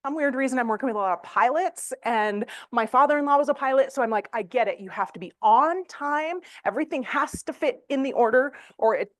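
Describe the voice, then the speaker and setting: A chatty middle-aged woman leading a real estate training class, her voice a touch high. She talks with animation and fills her pauses with ums. The sound is dry and close. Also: no room sound. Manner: chatty, animated, with frequent fillers and laughs.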